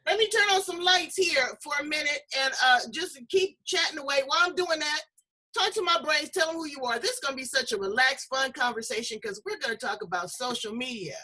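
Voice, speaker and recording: A woman's voice: high voice, brisk, pushed and bright. A woman hosting a talk show, playful and exuberant in casual chat. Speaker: host.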